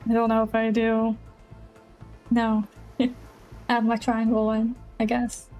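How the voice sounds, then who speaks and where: A woman's voice: a little high, completely flat delivery, slow, a little mellow, soft background music, low-quality recording. A woman streaming a dating game, chatting casually, playful and dramatically whiny, mocking herself. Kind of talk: casual live-stream gameplay commentary.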